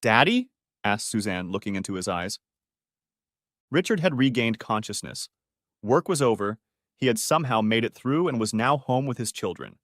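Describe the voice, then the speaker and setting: Man reading a story, dry and steady. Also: on the low side, moderate pace, no room sound. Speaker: audiobook narrator. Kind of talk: scripted narration.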